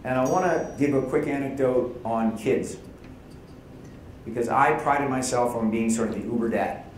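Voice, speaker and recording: A man's voice: medium pitch, moderate pace. Guy giving a candid conference keynote, lots of storytelling, big echoey hall, faint room hum. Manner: candid, conversational, acts out quoted lines. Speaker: CEO giving conference opening remarks.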